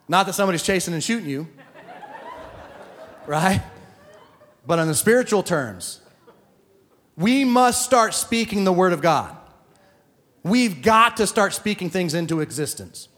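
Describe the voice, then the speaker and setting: A man's voice: high voice, fairly bright tone. A male pastor preaching to a congregation, joking and acting out stories as he goes. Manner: joking, storytelling, acts out quotes. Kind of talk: sermon. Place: church hall. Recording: hall reverb.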